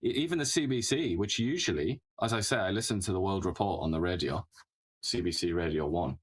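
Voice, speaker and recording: A man with a very low, deep voice chats casually as a political talk show co-host. He rambles, chuckles partway through sentences and often closes a point with a tag question. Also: fairly quick, slight background noise.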